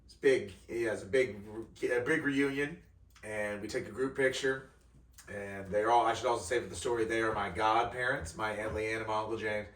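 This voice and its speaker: A young man tells stories with animated energy as a podcast guest. His voice is bright and pushy. He sits a little off the mic in a room with a lot of echo. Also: fairly low pitch, normal speed, distant mic. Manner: animated, laughing storyteller. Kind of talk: casual storytelling chat. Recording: roomy, off-mic sound.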